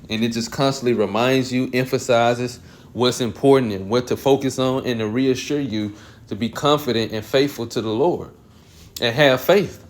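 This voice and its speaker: Man reading scripture with throat-clearing. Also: mid-range voice. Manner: clears throat often, restarts phrases. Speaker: Bible teacher.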